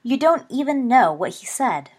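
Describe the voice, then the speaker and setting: A woman voicing a shrill, pleading teen girl. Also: sing-song, moderate pace, darkish tone, husky, heavily acted. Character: anxious teenage girl pleading.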